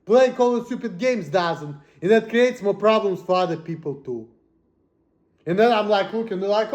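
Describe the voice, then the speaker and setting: A man ranting to the camera in a profane, agitated way, swinging between muttering and shouting. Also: sits high, lively intonation, normal speed, echoey room. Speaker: vlogger. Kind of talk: angry personal rant.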